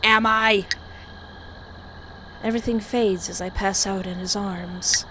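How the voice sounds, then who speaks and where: Taking it slowly and pausing often, she reads the horror visual novel in a mid-range voice, mixing in commentary, big reactions and plenty of laughter. The rough recording has a steady hiss.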